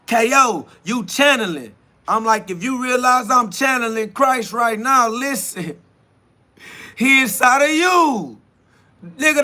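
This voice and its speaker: High, bright man preaching casually. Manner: emphatic, street slang mixed with preaching. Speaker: podcast host. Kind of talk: casual preaching monologue streamed live.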